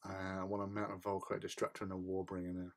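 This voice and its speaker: A man's voice: low-pitched, completely flat delivery, quick pace. A man hosting a casual hobby stream, chatting and answering viewers while he builds models. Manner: chatty, reads out and answers chat, jokey asides.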